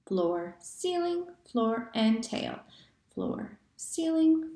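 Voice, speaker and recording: A woman's voice: mid-range voice, expressive, measured pace, darkish tone, a little hiss or hum. A woman teaching cursive handwriting, chanting the stroke names step by step. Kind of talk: handwriting lesson. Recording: echoey room.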